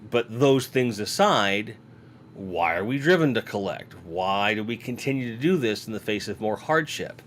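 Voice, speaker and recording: Speaking on the low side with a fairly bright tone, this yawning man chats and rambles through his live toy-collecting show, reading out viewer comments. He's at home with toy shelves behind him, and a faint hiss or hum sits under the audio.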